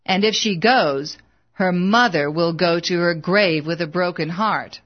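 A woman's voice: fairly low pitch, measured pace, lo-fi sound, close to an everyday voice. A woman reading the part of a stern, disapproving older mother who speaks curtly and with scorn in a storybook. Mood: scornful. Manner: curt, scornful.

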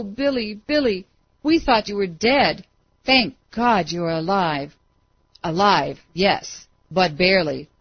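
A woman narrating a story as an audiobook, with steady, dramatic read-aloud pacing. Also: lowish voice, dry recording. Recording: dry, dull lo-fi recording.

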